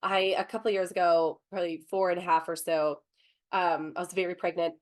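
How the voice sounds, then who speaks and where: A woman in her thirties speaking on a panel, telling stories in a calm, earnest way. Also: fairly low pitch, fairly quick. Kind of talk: panel discussion.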